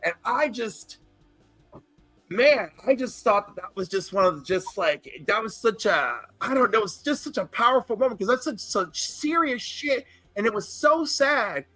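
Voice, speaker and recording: A man's voice: sits high, animated, normal speed, pushed and bright, dry recording, faint music behind. A man in casual podcast chat, telling a long personal story in a rambling, earnest way and swearing freely. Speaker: podcast co-host.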